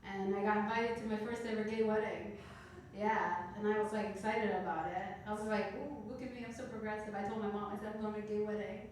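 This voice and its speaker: A woman in her thirties from Canada doing a stand-up comedy set, telling stories with deadpan, dark punchlines. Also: mid-range voice, fairly quick, a little hiss or hum. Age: 30s. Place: comedy club stage. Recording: echoey club room heard from a distance.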